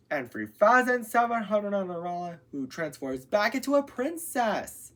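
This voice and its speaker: Lively woman telling a parody fairy tale. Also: medium pitch, a little slow, few pauses. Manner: lively storytelling, stumbles over long names. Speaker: channel host and storyteller.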